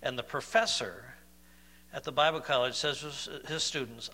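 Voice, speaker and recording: A man preaching a sermon, moving between loud, emphatic declarations and soft, slow, questioning passages. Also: mid-range voice, long reverb tail.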